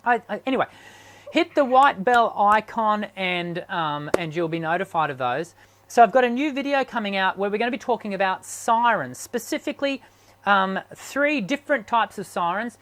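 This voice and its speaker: A man hosting a live online chat as a singing teacher, his voice strained from sickness, talking haltingly with many ums and restarts. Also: high voice, expressive, a bit bright. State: sick, strained voice.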